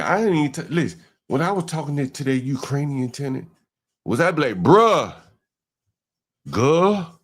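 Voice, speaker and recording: A man's voice: a little high, breathy edge. A man hosting a livestream, giving blunt, slangy reaction commentary and talking back at clips. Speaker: livestream host.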